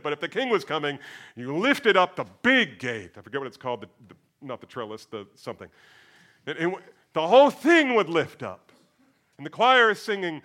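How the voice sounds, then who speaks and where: A male pastor preaching a sermon, dropping to a hush and then booming out scripture, addressing his listeners as beloved. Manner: swings from hushed to booming when reciting scripture.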